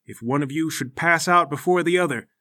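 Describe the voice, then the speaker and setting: A man voicing a solemn older male tournament judge who speaks in slow, ceremonial pronouncements. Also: fairly high pitch, pushed and bright.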